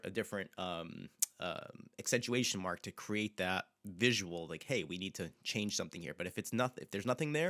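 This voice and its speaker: A man teaching a bilingual pronunciation lesson, repeating example words slowly and with emphasis. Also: low voice, fairly bright tone. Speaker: language teacher.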